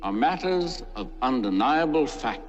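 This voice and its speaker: A man's voice: medium pitch, expressive, unhurried, lightly acted. An actor playing a stern alien council elder, speaking formally as he pronounces judgment. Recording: dull old film audio with music.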